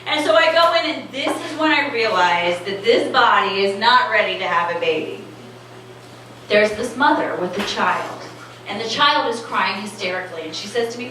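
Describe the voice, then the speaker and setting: A woman's voice: medium pitch, lively intonation, moderate pace. A woman in her late thirties performing a stand-up comedy set, wry and conversational, with lots of "like"s. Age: late 30s. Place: comedy club stage. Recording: echoey club from far off, noisy.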